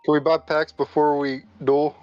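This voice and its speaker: Eager guy at the game, flat monotone, kinda muffled lo-fi sound. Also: a little high, normal speed, soft background music. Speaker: player. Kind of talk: casual tabletop play.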